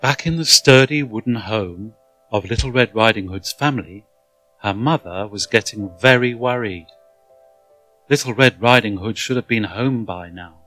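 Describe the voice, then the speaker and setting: Expressive male storyteller, unhurried and dramatic, bright timbre. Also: mid-range voice, low-quality recording. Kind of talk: storybook reading.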